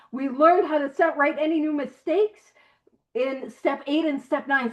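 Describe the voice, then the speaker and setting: A woman leading an online recovery book study in a playful, animated teaching manner, with laughing asides. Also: sits high, muffled recording. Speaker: study group leader.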